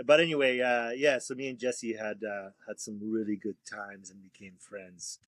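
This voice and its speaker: A man's voice: lowish voice, level tone, moderate pace, no echo. A man speaking as a tattoo artist guest on a podcast, telling rambling, profane stories in a laid-back way. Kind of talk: casual storytelling interview.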